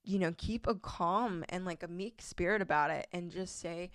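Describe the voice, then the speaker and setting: A young woman talks through faith-based relationship advice in a relaxed, chatty way, with a slightly low voice. She laughs easily between points. The sound is dry and close. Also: moderate pace, hardly any pauses, no echo. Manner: casual, chatty, laughs often, reads scripture aloud. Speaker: podcast host.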